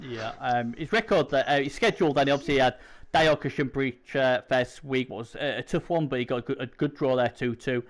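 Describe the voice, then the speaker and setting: A man's voice: mid-range voice, a little fast. A man co-hosting a casual gaming league chat, rambling with many fillers and restarts. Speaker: co-host.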